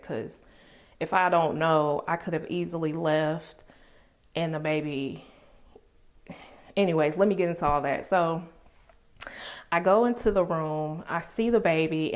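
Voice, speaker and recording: A woman telling a personal story on her vlog in an animated, emphatic way, full of casual slang. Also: low-pitched. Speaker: vlogger.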